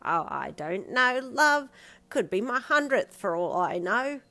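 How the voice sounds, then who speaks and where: A woman voicing a cheerful, frail old man of almost ninety who warbles his words slowly and cracks jokes. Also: fairly high pitch, sing-song, pushed and bright, voice pushed up, heavily acted. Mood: jolly. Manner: warbling, jokey, slow drawl. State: short of breath.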